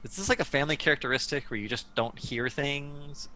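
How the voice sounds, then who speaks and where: Man, tabletop player, sarcastic, bright low voice, faint hum behind. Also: a little fast. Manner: exasperated, sarcastic in-character banter. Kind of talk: in-character tabletop role-play.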